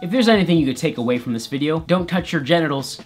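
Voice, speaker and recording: A man's voice: a little high, expressive, fast talker, soft background music. A man vlogger narrating a comedic personal story in a playful, exaggerated way.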